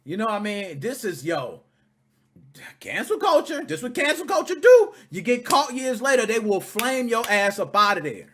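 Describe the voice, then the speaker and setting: Animated high-voiced man ranting casually. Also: moderate pace, slight background noise. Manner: animated, profane, indignant. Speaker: video reaction host. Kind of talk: casual reaction commentary.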